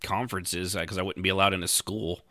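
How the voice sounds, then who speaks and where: A man's voice: deep voice, little pitch movement, quick pace, bright, forceful tone, dry recording, clean studio sound. A man co-hosting a podcast in casual chat, joking and sarcastic, laughing often. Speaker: podcast co-host.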